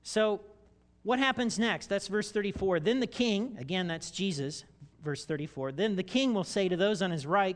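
A man with a high voice preaches a sermon to his congregation. He is expressive and drags out key words for emphasis. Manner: expressive, slows down for emphasis and acts out quoted voices. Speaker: pastor.

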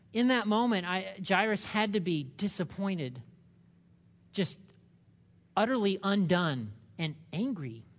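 Lively male pastor preaching a sermon. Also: sits high. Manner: animated, acts out quoted voices, asks the congregation questions.

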